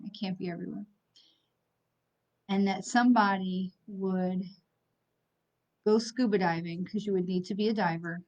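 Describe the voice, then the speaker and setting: A woman's voice: medium pitch, darkish tone. Middle-aged woman, psychic medium host, blunt and angry, swears then apologizes; muffled stream audio. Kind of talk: livestream talk to viewers. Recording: slightly dull lo-fi stream audio.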